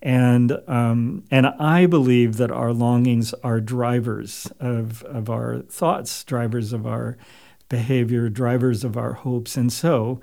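A man being interviewed as an author, speaking in a thoughtful, measured way with frequent pauses. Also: medium pitch, fairly even intonation, vocal fry, mellow. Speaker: author and guest. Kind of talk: reflective interview talk.

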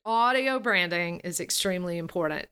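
A woman's voice: on the low side, animated, normal speed, sharp tone, smooth. A woman who coaches singers and speakers, talking animatedly in an interview and laughing often. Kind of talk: casual interview talk.

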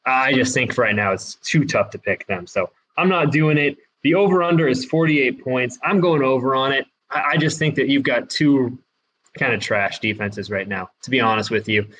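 A man co-hosting a casual sports betting podcast, giving his picks in a relaxed, confident way. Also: medium pitch, a little hiss or hum, poor audio. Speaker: podcast co-host picking games.

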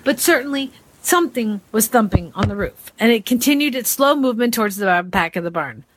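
A woman reading a listener's spooky story aloud, dramatic and expressive as she acts out the suspense and fright. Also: fairly high pitch, brisk, background noise.

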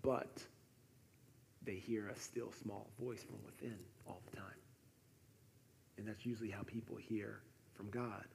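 A man preaching a sermon, animated and conversational, often dropping to softer tones for emphasis. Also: lowish voice, unhurried, creaky, long pauses. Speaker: pastor. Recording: echoey hall with faint noise.

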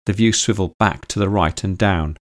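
A male audiobook narrator with a deep, low voice, reading in a steady and even way. The recording is close and dry, with no room sound. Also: fairly quick, dry recording. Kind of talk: audiobook storytelling.

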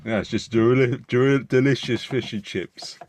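A man's voice: mid-range voice, moderate pace, a little mellow, no room sound. A man hosting a comedy podcast in a hammy, put-on London accent, playful and chatty. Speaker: podcast host.

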